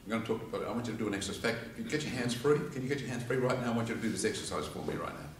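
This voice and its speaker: An Australian man teaching public speaking to a live audience, telling stories and acting out quotes in an animated way. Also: medium pitch, rapid-fire, slight background noise. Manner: animated storyteller, acts out quotes and laughs along. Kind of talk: informal lecture with demonstrations. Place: church hall with live audience. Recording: echoey hall from far off.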